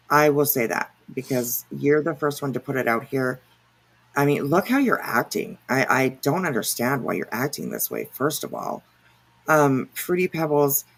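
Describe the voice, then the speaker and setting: Gravelly-voiced woman streamer, rambling. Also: sits low, a bit bright. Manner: rambling, sarcastic, swears, many fillers. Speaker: livestream commentary host. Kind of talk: casual reaction commentary.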